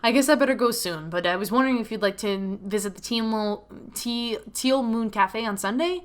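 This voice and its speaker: A woman voicing a friendly, slightly nervous young student in a visual novel, a little higher than her usual voice. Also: moderate pace, close to an everyday voice. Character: friendly young nonbinary student, shy and sweet. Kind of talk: reading a visual novel aloud.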